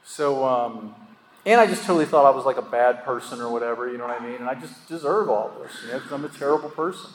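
A man's voice: medium pitch, quick pace. A man telling his own story at a recovery meeting, rambling and self-deprecating, with lots of fillers and chuckles. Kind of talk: candid personal storytelling. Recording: echoey hall with faint ambient noise.

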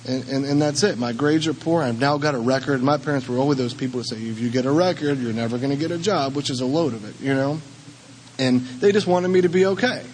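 A man's voice: mid-range voice, fast, darkish tone, slight background noise, low-quality recording. A young man telling his own story of drinking and its consequences, rambling and self-deprecating, often acting out what others said. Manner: rambling, self-deprecating, acts out quoted voices. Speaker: recovering alcoholic sharing his story. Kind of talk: candid personal testimony.

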